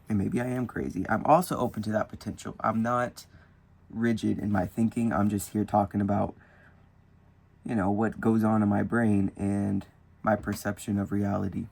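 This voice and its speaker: Sketching with colored pencils, this young spiritual vlogger muses aloud in a loose, wandering way. His voice is fairly low, gravelly and darkish, with little pitch movement, and he talks at a normal speed.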